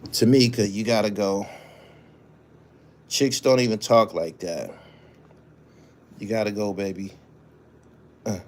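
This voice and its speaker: A man's voice: on the low side, fairly even intonation, slow pace, long pauses. A man hosting his own show, reading news stories aloud and then giving casual, profane commentary while answering viewers' chat. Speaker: show host.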